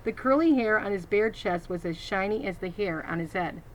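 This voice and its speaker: A woman's voice: mid-range voice, lively intonation, moderate pace, slight background noise, poor audio. A woman reading a children's novel aloud, adding teacherly asides to her listeners. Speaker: reader.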